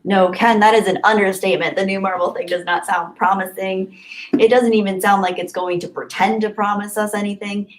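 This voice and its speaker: Woman streamer, casual chat host, reads comments aloud, laughs a lot, slips into soft whispers. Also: medium pitch, low-quality recording. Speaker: live streamer reading chat.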